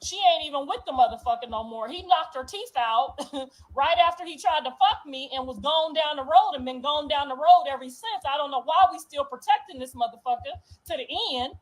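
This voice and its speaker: A woman delivering a raw, profane, defiant confessional monologue, moving from low brooding to loud outbursts. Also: fairly quick, rough recording. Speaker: reality show cast member.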